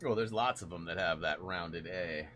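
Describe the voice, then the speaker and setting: A man's voice: sits low, normal speed, fairly bright tone, a little hiss or hum. A man hosting a gaming stream, chatting casually and rambling through long stories with frequent laughs. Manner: rambling storyteller, laughs often. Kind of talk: casual chat while gaming.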